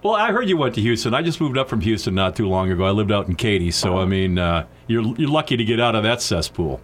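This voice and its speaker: A male radio host chatting quickly and enthusiastically with a guest. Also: on the low side, big pitch swings. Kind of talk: casual chat.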